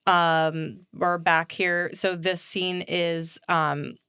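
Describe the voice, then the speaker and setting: A woman co-hosting a podcast in relaxed chat, her lowish voice smooth and clean. She talks hesitantly, circling back and restarting her thoughts. The recording is close and dry. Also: extremely slow, no room sound. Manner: hesitant, many fillers and restarts. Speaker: podcast co-host. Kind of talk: casual chat.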